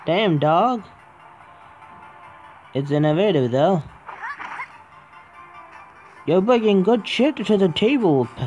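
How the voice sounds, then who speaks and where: A man's voice: a little high, darkish tone. A young man who just woke up, casually commentating a mobile game, swearing and arguing with the controls. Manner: profane, exasperated, talks to the game. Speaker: gaming YouTuber.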